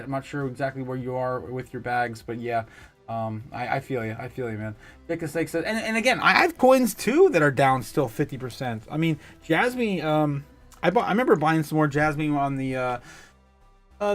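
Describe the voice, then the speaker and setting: A fairly high-voiced man hosts a casual livestream, reading out viewer comments and reacting with quick laughs and sudden loud bursts. Faint music plays behind him. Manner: chatty and excitable, quick laughs and bursts of loudness. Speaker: livestream host.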